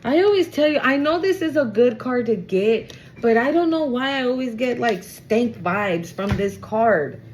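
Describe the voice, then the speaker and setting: Animated woman giving a tarot reading. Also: a little high, normal speed, few pauses, slight background noise, poor audio. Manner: animated, profane, exclaiming, acting out quoted people. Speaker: tarot reader. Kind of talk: casual tarot reading to camera.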